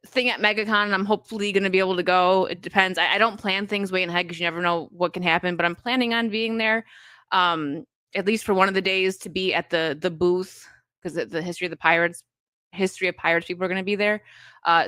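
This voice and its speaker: A woman's voice: medium pitch, bright, forceful tone, no room sound. An American woman live-streaming in casual chat, reading viewer donations aloud, rambling with many fillers and restarts and laughing often. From United States.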